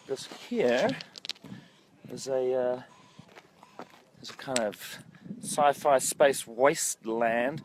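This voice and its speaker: A man's voice: mid-range voice, poor audio. A man directing a film who hosts a casual walking livestream, rambling and joking about himself with many ums, filmed on a phone held at arm's length. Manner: rambling, jokey and self-mocking, with many ums. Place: outdoor film set by a lake. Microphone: phone held at arm's length while walking. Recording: outdoor set noise behind the voice.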